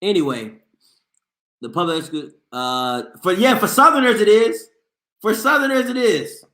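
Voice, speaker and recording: A man's voice: high voice, measured pace, reverberant. A man from Maryland hosting a sports show, chatting casually and arguing playfully with his viewers. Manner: animated, playful, argumentative banter. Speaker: sports show host reading chat. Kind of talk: casual live-stream chat.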